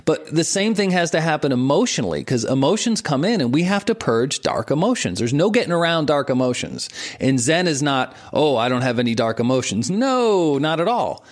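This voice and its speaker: Here an entrepreneur coach explains breath and intention, his slightly high voice moving at a moderate pace. He keeps it loose and conversational, laughing softly now and then and repeating words as he works things out.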